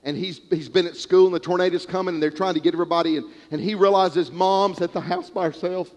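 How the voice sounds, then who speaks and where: A man preaching a sermon, retelling a parable with animated storytelling and acted-out characters. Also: sits high, fast talker. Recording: long hall reverb.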